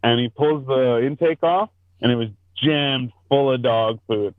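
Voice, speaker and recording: A man's voice: mid-range voice, unhurried, dry recording. A man hosting a podcast in casual chat over a video call, telling rambling, profane stories. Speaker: podcast host. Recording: dry, tinny phone-like call audio.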